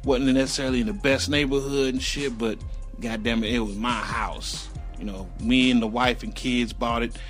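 Middle-aged man, casual swearing anecdote-teller, mid-pitched, faint music behind. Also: steady tone, normal speed, a bit bright. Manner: profane, loose, rambling anecdotes; acts out sounds and voices animatedly. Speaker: storyteller. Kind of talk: casual personal storytelling.

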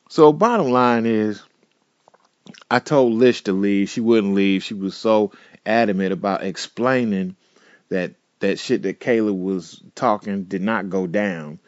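A man's voice: lowish voice, measured pace, a little mellow, dry recording. Profane laid-back male storyteller. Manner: laid-back, profane, digressive, with frequent fillers. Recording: dull, dry lo-fi recording.

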